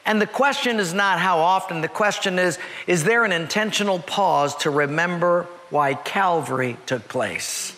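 Male pastor, high bright voice, chatty sermon with weighty pauses, church-hall reverb.

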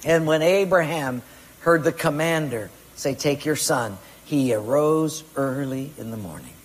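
High-pitched preacher guy, punchy sermon, acts out excuses, big echoey hall. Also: lively intonation, a little slow. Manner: emphatic preaching, acting out quoted excuses and commands, rising to loud peaks. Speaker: pastor.

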